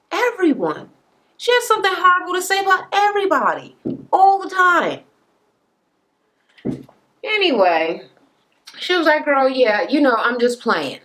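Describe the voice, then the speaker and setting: Woman vlogger, sassy profane rant, bright high voice. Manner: sassy, profane, acts out cast members' quotes in higher voices. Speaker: reality TV recap vlogger. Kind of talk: casual profane rant recap.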